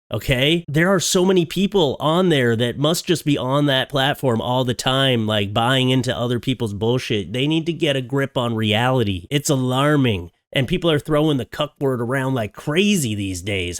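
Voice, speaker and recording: A man's voice: mid-range voice, expressive, normal speed, no echo, clean studio sound. A Canadian man in his thirties hosting a casual commentary video, sarcastic and jokey, often laughing at his own jokes. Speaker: YouTube commentary host.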